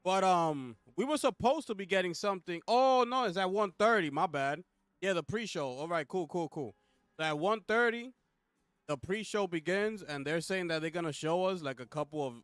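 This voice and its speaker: A young man hosts a casual live co-stream, hyped and talking straight to his chat with repeated slang call-outs. His voice is a little high, fairly bright, and smooth, with no echo.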